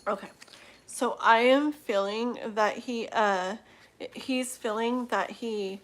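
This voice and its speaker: A woman doing a live tarot reading, her voice a little higher than most. She speaks slowly and haltingly, stopping and restarting as she searches for words. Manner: slow, halting, with many fillers and restarts. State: emotional, laughing through tears. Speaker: tarot reader.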